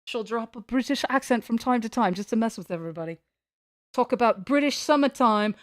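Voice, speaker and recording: A woman's voice: on the high side, a little fast, no echo. Playful woman streamer, dry sound. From United States. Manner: rambling, playful, self-mocking. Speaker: live streamer. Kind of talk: casual livestream chat. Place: at home, sitting on the floor.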